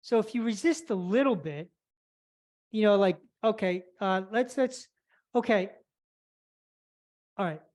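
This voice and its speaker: A woman's voice: medium pitch, a little slow, long pauses, a little mellow. Woman, stretch instructor, step-by-step movement cues, a bit out of breath. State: slightly out of breath. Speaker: flexibility instructor. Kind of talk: live online exercise class instruction.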